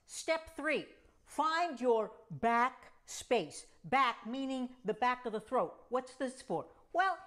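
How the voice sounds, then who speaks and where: A woman's voice: fairly high pitch, fairly bright tone. A middle-aged woman vocal coach teaching a singing lesson, demonstrating hums and scales as she explains.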